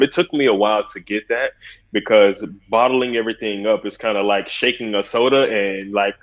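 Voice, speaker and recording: Podcast guest, man in his thirties, earnest and rambling, low-pitched voice, slightly dull lo-fi recording. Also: steady tone, normal speed. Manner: earnest, rambling, frequent "like" and "so it's like". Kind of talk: casual conversation. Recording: dull lo-fi sound.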